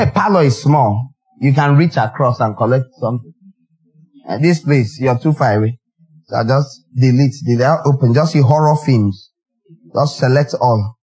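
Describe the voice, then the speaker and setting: A man's voice: mid-range voice, darkish tone, rough recording. A male pastor talking casually to a congregation, in a chatty manner with lots of repeated words. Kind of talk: informal sermon remarks.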